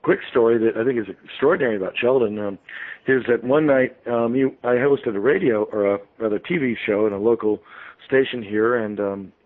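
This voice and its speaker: A man's voice: mid-range voice, a little fast. A man, a radio show guest, telling a long story in a rambling way full of ums and restarts. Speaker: interview guest, author. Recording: tinny phone line.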